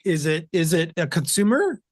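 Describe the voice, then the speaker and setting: Man, host, casual tech talk, rambling delivery, slightly high pitch. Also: sing-song, normal speed. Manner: rambling, many fillers and restarts.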